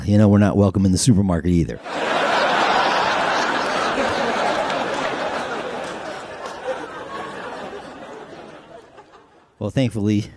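A man hosting his own podcast, telling jokes casually and popping into character voices and shouted punchlines. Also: deep voice. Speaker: podcast host.

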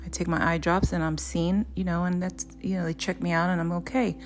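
A woman's voice: fairly low pitch, flat delivery, a little fast. A woman hosting a podcast, praying aloud, reading scripture and telling her own story in an earnest way, often restarting her sentences. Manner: earnest, with frequent restarts and repeated words. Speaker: podcast host. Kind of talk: prayer, Bible reading and personal testimony.

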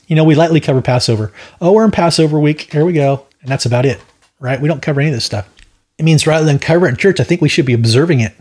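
Husky man teaching scripture. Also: mid-range voice, rapid-fire, darkish tone. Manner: rambling, stammers and repeats words, opinionated asides. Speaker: Bible study host. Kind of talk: verse-by-verse Bible teaching.

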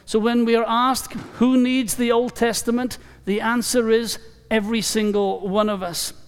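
A man preaching a sermon in a church, emphatic and deliberate, repeating key phrases for weight. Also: extremely high pitch, flat delivery, clear, resonant tone. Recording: long reverb of a large hall.

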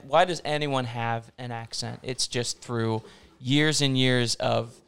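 A young man chats on a casual podcast. His voice is clean and smooth, and his pitch sits mid-range. He jokes and rambles through loose theories. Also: steady tone, slow, fairly bright tone. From Delaware County, Pennsylvania. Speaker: podcast co-host. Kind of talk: casual chat.

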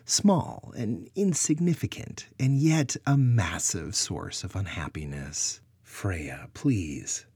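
A man reading a story aloud as narrator, in an expressive storytelling manner. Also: mid-range voice, slow pace, hardly any pauses, slightly rough, dry recording, studio quality. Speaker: audiobook narrator. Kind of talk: scripted narration.

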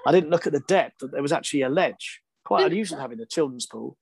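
A man, a broadcaster and interview guest, tells a story in a lively, self-deprecating way and laughs often. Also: on the high side, quick pace, gravelly, husky, dry recording.

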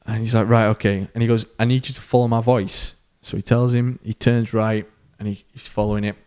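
With a clear, resonant tone, this podcast co-host spins a casual yarn. He's an animated storyteller who acts out everyone's dialogue through big swings in pitch and loudness, and his pauses are peppered with uhs and ums.

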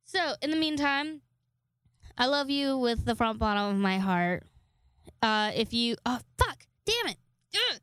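A woman's voice: a little high, big pitch swings, measured pace, fairly bright tone, smooth, no echo. A young woman hosting her own podcast alone, rambling casually with lots of swearing and self-deprecating asides. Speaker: podcast host. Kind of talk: casual solo podcast chat.

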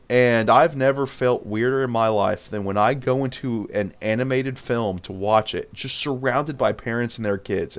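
A man co-hosting a podcast in casual chat, talking in an animated, rambling way and laughing easily. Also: mid-range voice. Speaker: podcast co-host.

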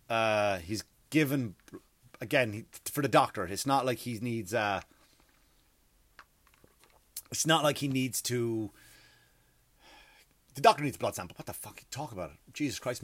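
In a medium-pitched voice with no room sound, a podcast host in his thirties with an Irish accent tells a comic story. His delivery is rambling and profane, with many restarts and side comments.

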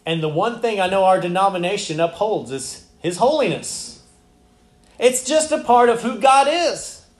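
A man's voice: high voice, expressive, normal speed, reverberant. A man preaching a sermon as pastor, talking in a loose, conversational way and turning to ask the congregation questions.

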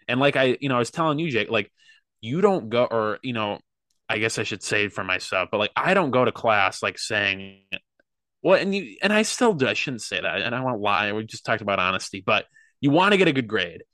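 A man's voice: fairly low pitch, big pitch swings, a little fast, sharp tone, dry recording. A young man talking earnestly and rambling with lots of fillers in a casual podcast chat. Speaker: podcast guest, athlete.

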